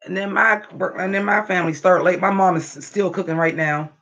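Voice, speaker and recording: Speaking briskly over dull, lo-fi audio, a livestream vlogger with a high voice addresses his viewers directly. His casual chat turns into lively, profanity-laden rants.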